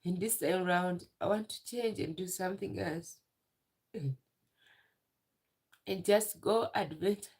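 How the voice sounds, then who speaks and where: Slow, tearful woman on a livestream. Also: on the low side, darkish tone, breathy edge. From Uganda. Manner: slow and halting, emotional, answering viewer comments. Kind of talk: casual livestream chat. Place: village house.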